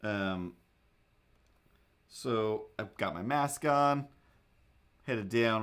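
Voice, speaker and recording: Animated man telling a story casually. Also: drawn-out words, long pauses, clean tone. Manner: animated, acts out quoted thoughts in a higher voice. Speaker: livestream host. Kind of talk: casual storytelling while drawing.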